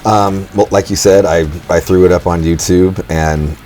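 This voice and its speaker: Very deep-voiced American man chatting. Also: fairly even intonation, normal speed, mellow. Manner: loose, rambling, swears casually. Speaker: musician. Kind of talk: casual interview talk. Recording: faint music underneath.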